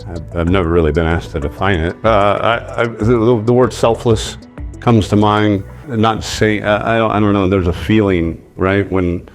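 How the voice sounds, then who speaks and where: A man's voice: on the low side, steady tone, normal speed, faint music behind. A man, a football coach, answering questions candidly and searching for words as he talks. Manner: candid, searching, restarts sentences. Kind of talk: casual conversation.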